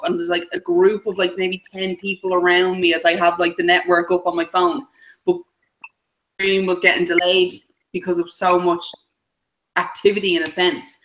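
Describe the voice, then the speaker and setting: A podcast co-host telling a long story in casual chat, animated and swearing freely. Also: medium pitch, poor audio.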